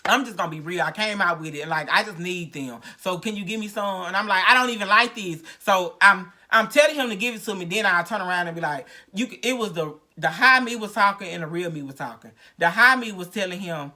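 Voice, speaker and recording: A woman's voice: on the low side, quick pace, few pauses, bright, forceful tone. A woman hosting her podcast, talking frankly and rambling through her own story with many restarts, without a proper podcast mic. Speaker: podcast host. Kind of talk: candid personal recovery story.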